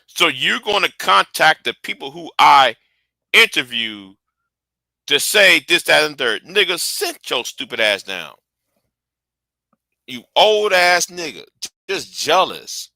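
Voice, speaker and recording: A man's voice: a little high, very animated, takes it slowly, creaky, long pauses, pushed and bright, no room sound, poor audio. A man hosting a livestream, ranting heatedly and profanely, often repeating and restarting his words. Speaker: livestream host. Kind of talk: angry livestream rant.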